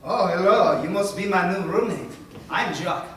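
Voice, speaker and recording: An actor playing a brash young French student who speaks with a French accent, theatrical and teasing, in a staged reading recorded echoey and from a distance. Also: male voice, high voice, animated, normal speed, fairly bright tone, a little hiss or hum. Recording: echoey room from far off.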